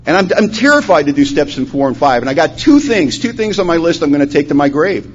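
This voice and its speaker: A man telling his recovery story at a conference, acting out the dialogue, his voice rising loud and dropping to a hush. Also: a little high, sing-song, fast talker. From Washington state, USA. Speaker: recovery meeting speaker. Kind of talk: personal testimony talk. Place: conference hall. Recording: dull lo-fi conference recording, faint hum.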